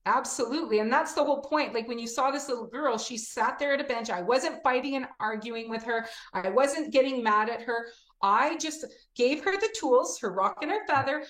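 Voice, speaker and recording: A woman teacher talking in an interview, expressive, often acting out classroom examples and asking "right?". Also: a little high, normal speed. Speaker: teacher and children's program creator. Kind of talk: animated interview talk. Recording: echoey room.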